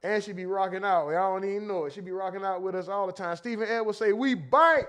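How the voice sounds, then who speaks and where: A man hosts a casual livestream, reading viewers' comments aloud. His voice sits high and he jokes loosely with the chat. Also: fast. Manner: animated, laughing, reads chat comments aloud in a joking tone.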